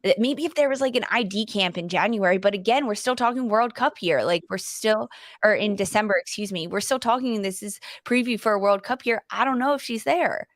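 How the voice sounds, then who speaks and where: A woman co-host trading quick takes on a sports podcast, often correcting herself mid-sentence. Her voice has a middle pitch, and the sound is dry with no room echo. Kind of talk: casual sports podcast chat.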